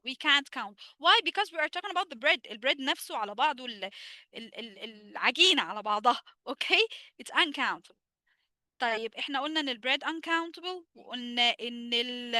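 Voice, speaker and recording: A woman's voice: high voice, sharp tone, no echo, clean studio sound. An Egyptian woman teaching an online English lesson, switching between Arabic and English, quizzing her students with questions and answering them herself.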